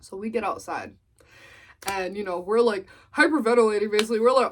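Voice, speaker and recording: A woman's voice: mid-range voice, brisk, a little hiss or hum. A young woman vlogger telling a storytime, acting out what people said. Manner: animated storytelling, acts out quotes. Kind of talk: storytime vlog.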